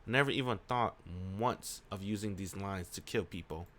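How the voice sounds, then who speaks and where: A man reading the lines of a quiet young male protagonist in a subdued, flat way. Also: on the low side, moderate pace, close to an everyday voice. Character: quiet young man narrating his own story.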